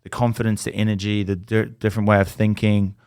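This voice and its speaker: With a fairly low, smooth voice and a fast delivery, a young Australian podcast guest tells animated stories in casual chat. He swears freely and acts out what others said, recorded in clean studio sound with no echo.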